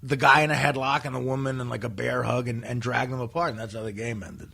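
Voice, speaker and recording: A man telling comic, profane stories as a podcast guest, laughing often as he goes. His voice is gravelly and husky, with plenty of vocal fry. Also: mid-range voice, fast, sharp tone. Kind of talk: comic storytelling in a podcast interview.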